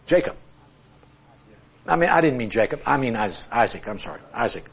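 Husky, lively male Bible teacher. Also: medium pitch, normal speed. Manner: conversational, asks the class questions; self-deprecating humor. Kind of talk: classroom Bible lecture with charts.

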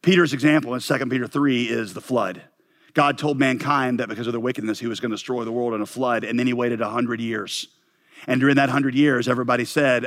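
A man preaching a sermon, swinging from loud rising questions to low, quiet emphasis, with joking asides to the congregation. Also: steady tone, a little fast. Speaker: pastor.

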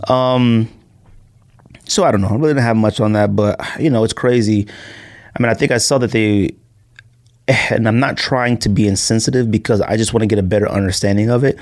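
A man's voice: on the low side, brisk, darkish tone. A man hosting a sneaker podcast, talking casually in a rambling, joking, storytelling way. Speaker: podcast host.

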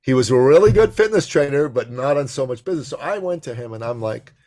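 A man guest telling a story in conversation, acting out the dialogue with animation and a gravelly voice. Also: mid-range voice, expressive, fast, a little mellow.

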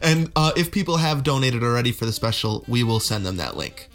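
A young man chats easily on a podcast, joking around and laughing often. His voice sits at an ordinary middle pitch. Soft guitar music plays quietly underneath. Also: lively intonation, fairly quick. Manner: easygoing, jokey, laughs often. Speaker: podcast co-host. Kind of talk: casual chat.

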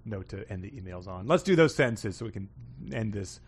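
With a lowish, husky, expressive voice and a slightly fast pace, this man hosts a podcast, working through listener emails and submissions in a wry, amused way. Fillers crop up constantly.

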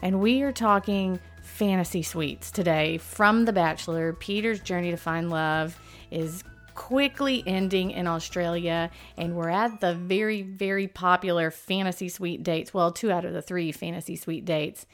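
A woman hosting a casual pop culture podcast, chatty and quick to laugh. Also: on the low side, faint music behind. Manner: chatty, laughs easily, animated. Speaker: podcast host.

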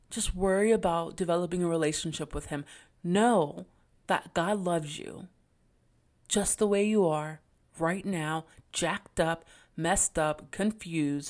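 Woman, faith podcast host, earnest and encouraging, low-pitched voice, casual slang.

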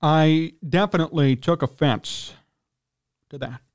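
Heated high-voiced male sports radio host. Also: unhurried. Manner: heated, ranting, indignant; frequent throat clearing.

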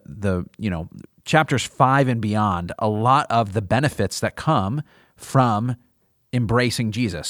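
A man who is a teaching pastor, explaining a Bible passage in a measured, conversational way on a podcast. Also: on the low side, no echo, studio quality. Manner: measured, explanatory, leans on "kind of".

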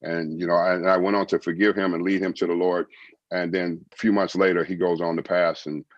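A man with a very low, deep voice tells his faith story in earnest, circling back on his own phrases as he goes. The recording sounds dry and a little dull. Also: little pitch movement, brisk, no room sound. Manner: earnest storytelling, repeats phrases, quotes God and others. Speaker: guest, former baseball player and evangelist. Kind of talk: testimony in a podcast interview.

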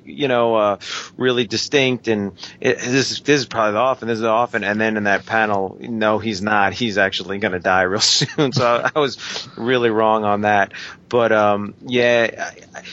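A man's voice: mid-range voice, fairly bright tone. A man with a New York accent co-hosting a podcast, chatty and rambling, laughing often. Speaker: podcast co-host. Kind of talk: casual podcast chat. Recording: dull lo-fi audio.

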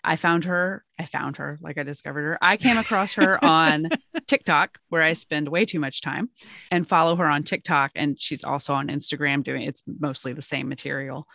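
A woman co-hosting a podcast, talking in a relaxed, chatty way. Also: low-pitched, moderate pace, vocal fry, dry recording, studio quality. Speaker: podcast co-host. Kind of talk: casual discussion.

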